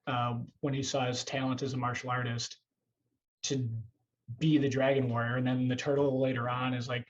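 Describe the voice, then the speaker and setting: A man's voice: mid-range voice, flat delivery, moderate pace, muffled recording. A man hosting a casual podcast over a video call, rambling and self-deprecating, swearing now and then. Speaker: podcast host.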